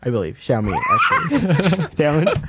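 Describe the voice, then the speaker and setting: A man's voice: fairly high pitch, huge pitch swings, normal speed, shouting, heavy background noise. A man hosting a tech podcast in casual chat, rambling and laughing at himself. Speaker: podcast host.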